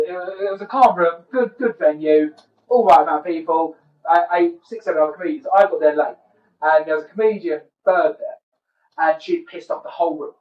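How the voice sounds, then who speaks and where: High-voiced man telling stories. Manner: chatty, swearing, storytelling. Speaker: podcast host. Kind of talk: casual chat. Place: comedy venue. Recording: echoey room, far mic, dull sound.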